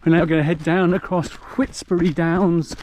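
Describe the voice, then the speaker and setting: A man's voice: a little high, flat delivery, normal speed, a little mellow. A middle-aged man giving a chatty, explanatory commentary while running a muddy rural trail. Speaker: vlogger. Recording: noisy outdoor recording.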